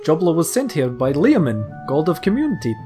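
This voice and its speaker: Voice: mid-range voice, expressive, a little slow, music in the background, voice pushed up, close to an everyday voice. A game master voicing Joblo, a smiling, dapper male prosperity demon merchant with a put-on foreign-sounding accent and broken grammar, who speaks of himself by name, in a tabletop game. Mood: cheery, formal.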